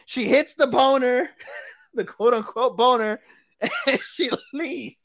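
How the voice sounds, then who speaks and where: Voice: sits high, animated, takes it slowly, a bit bright. A podcast co-host retelling an anime episode in casual chat, crude and rambling, with plenty of swearing. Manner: crude, profane, rambling storyteller.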